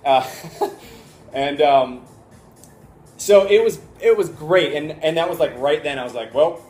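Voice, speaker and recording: A man in his twenties telling a story in a casual vlog, animated and full of fillers like "like" and "you know". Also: on the high side, a little slow. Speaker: vlogger. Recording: echoey room, faint ambient noise.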